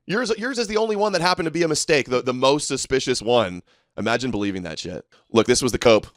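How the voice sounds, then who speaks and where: A man's voice: mid-range voice, expressive, quick pace, dry recording, clean studio sound. A man hosting a livestream, ranting in a combative, sarcastic and mocking way as he reads through posts and answers viewers. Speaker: livestream host.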